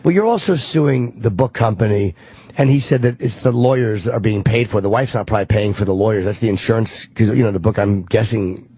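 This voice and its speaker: A quick-talking male co-host on talk radio, recorded dry and close. He works through his guesses aloud in a casual, speculative way. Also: fairly low pitch, breathy edge, no room sound. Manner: quick, reasoning out loud, speculative.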